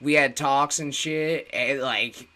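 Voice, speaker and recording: Bright-voiced blunt man, swearing. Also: mid-range voice, slow. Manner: blunt, swears a lot, animated storytelling. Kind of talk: casual profane chat.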